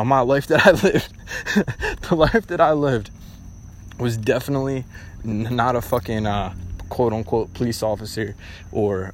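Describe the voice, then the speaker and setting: A man's voice: mid-range voice, slight background noise. A young man hosting a casual solo podcast, talking bluntly and ramblingly with lots of swearing. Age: young adult. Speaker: podcast host.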